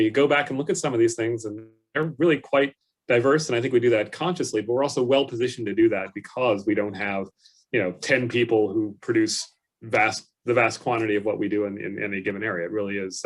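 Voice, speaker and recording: A man speaking as a panelist, explaining his points in a thoughtful, measured way with fillers. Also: mid-range voice. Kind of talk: unscripted panel discussion.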